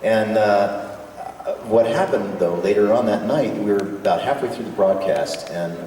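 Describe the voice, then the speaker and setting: A man's voice: on the low side, animated, normal speed, mellow. A man answering fan questions at a convention panel, enthusiastic and joking. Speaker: guest voice actor at a fan panel. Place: convention hall. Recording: echoey hall from far off with faint noise.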